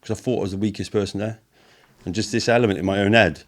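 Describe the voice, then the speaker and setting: A low-pitched man from Britain talks casually as a podcast guest. He tells long stories, swears freely and slips into the voices of the people in them. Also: fairly even intonation, fast talker. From United Kingdom. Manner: swears often, storytelling, acts out quotes. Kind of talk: casual chat.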